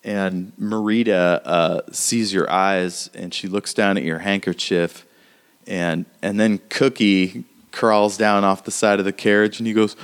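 A man narrates a tabletop game as its game master, speaking casually with plenty of fillers. His somewhat low voice is steady and clean, and his pace is unhurried.

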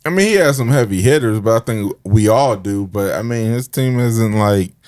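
A man co-hosting a casual podcast chat, laughing often and acting out the lines he quotes, and saying he is high. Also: animated, moderate pace, darkish tone, dry recording, clean studio sound. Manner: laughs a lot, acts out quotes in funny voices. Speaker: podcast co-host.

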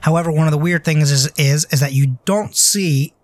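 Dry, slightly high game master man. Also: normal speed, no room sound. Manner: loose, hesitant, many fillers. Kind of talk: narrating a tabletop game.

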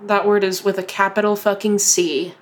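A woman's voice: medium pitch, flat delivery, moderate pace. A woman with a North Louisiana accent co-hosts a casual, candid podcast. She speaks emphatically and supportively and often finishes her co-host's sentences. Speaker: podcast co-host.

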